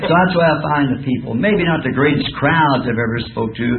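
A man's voice: a little high, animated, a little fast. A man preaching in a school auditorium, telling folksy stories and chuckling through his rambling asides. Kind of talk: folksy sermon with jokes. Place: school auditorium, live audience. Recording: tinny lo-fi old tape with hiss.

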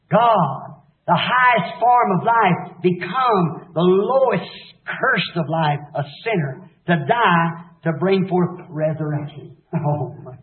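Brief: fervent man preacher with a very high voice; shouts, then drops to hushed lows; old tinny tape in an echoey hall. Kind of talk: impassioned revival sermon.

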